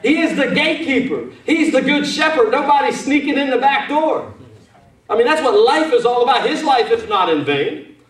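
High-pitched preaching pastor in an echoey church. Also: male voice, animated, moderate pace. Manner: fervent preaching, calls out to the church. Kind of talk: sermon. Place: church sanctuary. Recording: echoey church room, mic at a distance.

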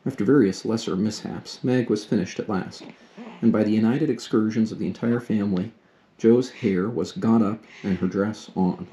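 A father reading a classic novel aloud to his daughter at a steady, unhurried pace. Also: fairly low pitch, a little hiss or hum.

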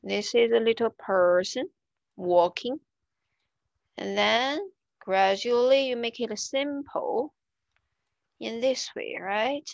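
A woman teacher walks through new words one at a time, repeating each with care. Her voice has a slight gravelly edge and an unhurried pace. The sound is dry and close, with no room in it. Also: a little high, dry recording, highs cut off. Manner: slow, clear repetition of words. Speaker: Chinese teacher. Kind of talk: language lesson.

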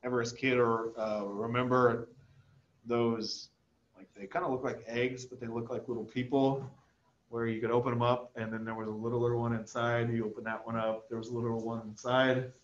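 A man giving a recorded anatomy lecture over slides in a relaxed, conversational way, often checking in with "okay?". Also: mid-range voice, normal speed, muffled recording, slight background noise. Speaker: anatomy instructor.

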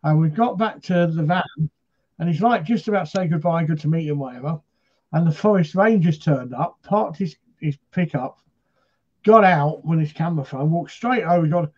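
A man's voice: fairly high pitch, normal speed, a little mellow, husky, muffled recording. A man from Britain hosting a paranormal chat show, telling stories in a rambling, casual way with lots of fillers.

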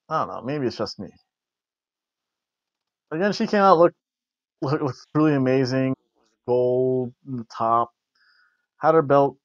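A man chatting loosely as a show host, jokey and rambling, stumbling over his words and restarting often. His voice sits at a mid pitch. The sound is dull and lo-fi, with a dry, close feel. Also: no echo. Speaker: wrestling review podcast host. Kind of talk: casual review chat.

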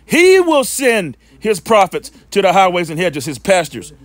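A man with a high voice preaches in a loose, scornful way, repeating himself and stumbling as he goes. His pitch swings widely from line to line. He stops now and then to read scripture aloud. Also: wildly swooping pitch, unhurried, dry recording. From Western North Carolina. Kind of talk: informal preaching and scripture reading.

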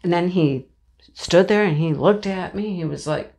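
A woman vlogging from her home office in a casual, chatty storytelling way, animated and acting out the voices in her story. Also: lowish voice, moderate pace. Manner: animated, acts out voices in anecdotes, laughs often. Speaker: crafting vlogger.

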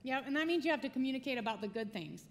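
A woman's voice: high-pitched, expressive, racing, in a large hall. A woman speaking from a church stage with her husband, talking conversationally and telling personal stories. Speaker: pastor's wife, co-speaker. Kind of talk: sermon with spouse. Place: church auditorium.

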